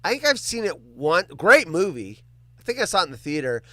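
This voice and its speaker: A man hosts a casual livestream and chats with his viewers, joking and cursing as he reacts to their comments. His voice sits high and swings widely in pitch, and the close, dry recording keeps it clear and near. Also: brisk, no echo. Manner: animated, joking, swears freely. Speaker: livestream host.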